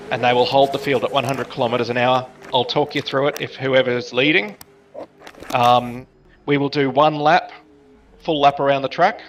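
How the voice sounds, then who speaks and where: A man's voice: medium pitch, a bit bright, slight background noise. A man giving the race briefing over voice chat to online sim racers. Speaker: race director.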